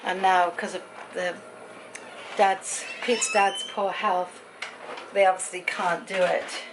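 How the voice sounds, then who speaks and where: Middle-aged woman, home vlogger, chatty and rambling, mid-pitched voice, faint background hiss. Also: fairly even intonation, takes it slowly. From Britain. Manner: chatty, rambling storyteller acting out quoted voices. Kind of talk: casual chatty vlog.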